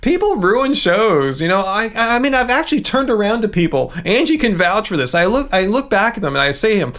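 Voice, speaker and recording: A man's voice: high-pitched, a little fast. A middle-aged man hosting a livestream, chatting casually and ranting as he answers viewer comments. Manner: chatty, ranting, animated asides. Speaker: livestream host.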